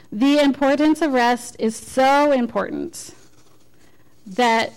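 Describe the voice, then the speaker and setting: A woman's voice: on the high side, rough recording. A woman giving an informal sermon as a lay speaker, conversational and self-deprecating, with frequent restarts.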